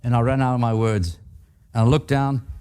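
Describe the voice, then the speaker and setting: A man's voice: medium pitch, steady tone, fairly quick, darkish tone, clear, resonant tone. An older man giving a leadership talk to a live audience, telling stories with humor and asking the audience questions. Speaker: guest speaker.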